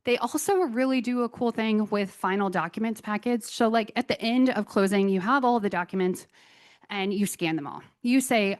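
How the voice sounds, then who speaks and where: A woman presenting a conference talk on software tools, chatty and enthusiastic with self-deprecating asides. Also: medium pitch, normal speed.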